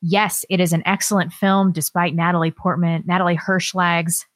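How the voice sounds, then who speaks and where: A woman with a somewhat low voice co-hosts a casual political podcast. She is sarcastic and offhand, reading listener comments with mock sincerity. The sound is dry and close to the mic. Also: level tone, normal speed, no room sound. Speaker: podcast co-host.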